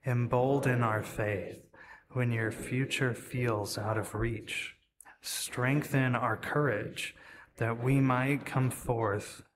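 A man of middle pitch leads a congregation in a prayer of confession. He reads slowly and in measured liturgical phrasing.

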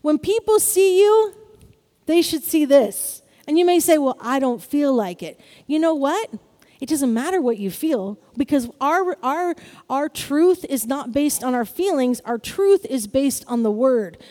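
A woman preaching to a congregation. Her voice sits high but sounds mellow and warm, and she keeps an upbeat tone, often checking in with her listeners. The sound carries a long church-hall reverb. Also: expressive, measured pace. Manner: upbeat, calls out "Amen?" to the congregation. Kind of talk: sermon.

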